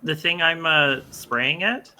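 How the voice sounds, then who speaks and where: Bright-voiced man with dry quips. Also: a little high, slow. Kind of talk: casual gaming stream chat.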